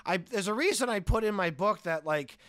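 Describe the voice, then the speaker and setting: Male actor guest, rambling and profane, smooth bright voice. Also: sits high, lively intonation, brisk, no echo, clean studio sound. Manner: rambling, swears, laughs mid-sentence. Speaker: podcast guest, actor and author. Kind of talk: casual chat.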